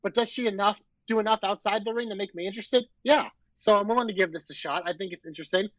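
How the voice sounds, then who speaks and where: A man's voice: sits high, fast, fairly bright tone, no room sound, rough recording. A man co-hosting a wrestling podcast, chatting casually, teasing and swearing now and then. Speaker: podcast co-host.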